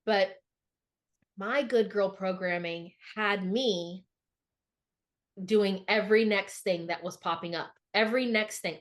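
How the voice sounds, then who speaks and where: Middle aged woman talking on a podcast, earnest, leans on repeated words, mid pitch. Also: slow, long pauses. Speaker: podcast co-host. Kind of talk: reflective podcast conversation.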